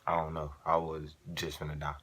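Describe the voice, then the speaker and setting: A man's voice: rumbling low, completely flat delivery, a little fast, fairly bright tone, slight background noise. A young man vlogger telling a casual story in slangy, profane, laid-back talk.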